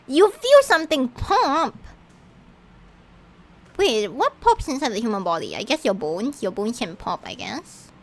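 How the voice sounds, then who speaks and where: A woman's voice: medium pitch, moderate pace, gravelly. A woman streamer giving casual, giggly commentary while playing a game, often stumbling and restarting her sentences. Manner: animated and giggly, with frequent stammered restarts.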